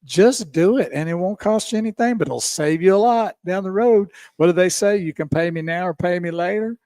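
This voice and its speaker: A man's voice: high voice, brisk, a little mellow, no room sound, studio quality. A man co-hosting a radio show, chatting and chiming in with agreement. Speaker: radio co-host. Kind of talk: casual radio talk.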